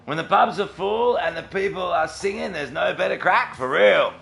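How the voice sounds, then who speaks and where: Gravelly, bright-voiced Australian man. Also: high voice, lively intonation, normal speed, soft background music. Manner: chatty, answering viewers by name. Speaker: streamer. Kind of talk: casual livestream chat.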